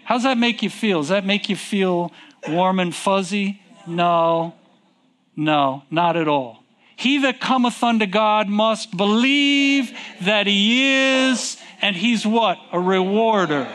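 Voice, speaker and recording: A man preaching a sermon, reading scripture in King James wording and asking his congregation questions, with slow, drawn-out emphasis. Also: high-pitched, a bit bright. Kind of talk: sermon with call and response.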